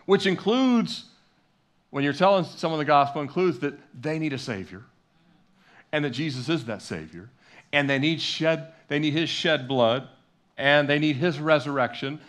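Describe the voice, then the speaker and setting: A man's voice: fairly high pitch, fairly bright tone. Man preaching a conversational sermon. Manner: conversational preaching with repetition and quoted dialogue. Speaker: pastor. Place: church sanctuary.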